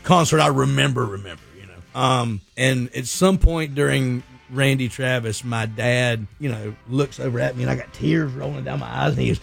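A man's voice: medium pitch, moderate pace, gravelly, hardly any pauses, husky, soft background music. A man from Florida, a songwriter guest on a radio show, telling stories in a folksy, rambling way full of fillers and restarts. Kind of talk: casual radio interview chat.

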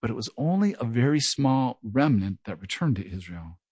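Lively-voiced man preaching with a slight stutter. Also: medium pitch, normal speed, breathy edge, dry recording. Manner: earnest verse-by-verse Bible teaching, mentions his own stutter. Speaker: pastor. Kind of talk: sermon.

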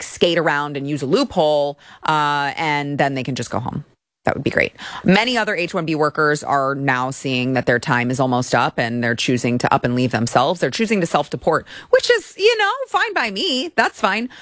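A young woman hosts a commentary show with a lowish voice and a biting, sarcastic edge. She mocks and scoffs as she talks. The sound is dry and close, with no room around it. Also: big pitch swings, normal speed, a bit bright, no echo. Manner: sarcastic, mocking. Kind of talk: opinionated commentary.

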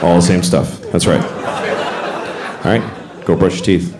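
A man doing stand-up comedy, telling a story in an animated way and jumping into high voices to act out scenes. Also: normal speed, a loud crowd. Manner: animated, acts out voices with big pitch jumps. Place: comedy stage before a live audience. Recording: echoey venue with audience noise.

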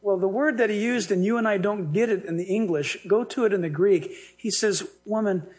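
High-voiced lively preacher man. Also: a little fast. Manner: lively, humorous, acts out dialogue. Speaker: pastor. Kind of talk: sermon.

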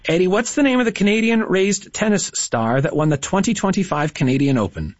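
Chatty radio trivia host guy, bouncy voice, bit husky, dry dull studio sound. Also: high-pitched, brisk, no room sound. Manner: lively, chatty and encouraging with callers. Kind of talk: upbeat radio call-in quiz hosting. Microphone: studio broadcast mic.

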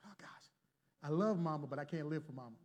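A man preaching a sermon to a congregation, calling for responses and swinging from loud to hushed. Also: fairly high pitch, animated, fast talker. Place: church before a congregation.

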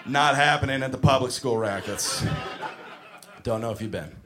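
A man doing a stand-up comedy set, ranting with crude language and bursting into shouts. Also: medium pitch, normal speed, crowd noise. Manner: animated, shouting mock rants with crude language.

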